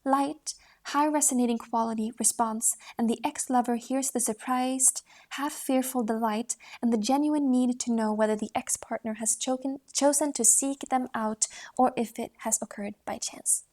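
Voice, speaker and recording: A woman reads aloud from a voice training book, sitting a little high in her range. Her reading stays steady and instructional. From time to time she demonstrates the exercises herself with rising, sung tones. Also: moderate pace. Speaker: voice book reader.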